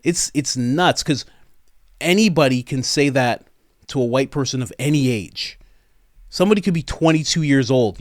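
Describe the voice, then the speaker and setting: A man talking on his podcast in an animated, incredulous way, his pitch swinging widely from point to point. He speaks casually, leaning on fillers like "man" and "bro", with a short laugh now and then. The sound is close and dry, with no room around it. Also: normal speed, no echo. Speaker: podcast host. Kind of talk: opinionated podcast commentary.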